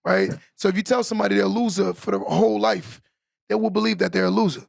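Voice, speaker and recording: Man, podcast guest or co-host: high-ish, very gravelly, dry close sound, earnest and reflective. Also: steady tone, quick pace, no room sound. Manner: earnest, reflective, builds points with rhetorical "right?". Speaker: podcast conversation partner. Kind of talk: casual podcast conversation.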